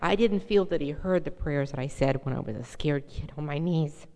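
In a somewhat low, dark voice at normal speed, a middle-aged woman gives testimony about her own recovery. She speaks earnestly and directly and keeps asking the audience questions. A hall's long reverb trails behind her voice.

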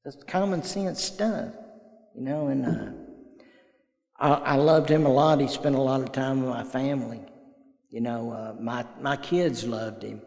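A man's voice: medium pitch, steady tone, a little slow, vocal fry, a little mellow. An older man, telling folksy personal stories at a recovery meeting and acting out the dialogue. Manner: folksy storyteller, acts out quoted dialogue. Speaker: AA meeting speaker. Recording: echoey hall.

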